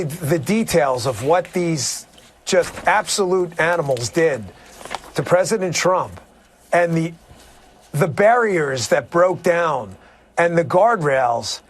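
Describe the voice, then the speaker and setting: A man speaking earnestly and haltingly as a guest in a TV news interview. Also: on the high side. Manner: earnest, halting, searching for words.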